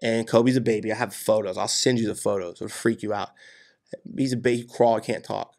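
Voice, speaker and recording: A man telling personal stories as a podcast guest, animated and casual, swearing freely and tossing in "dude" and "man". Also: fairly low pitch, fairly quick. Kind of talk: casual storytelling interview.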